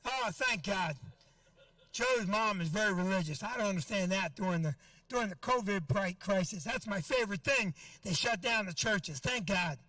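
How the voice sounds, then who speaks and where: A middle-aged man does a stand-up set in a comedy club, brash and profane as he teases the crowd. His voice sits high with lively intonation and a bright, forceful tone at a moderate pace, recorded from a distance with no echo.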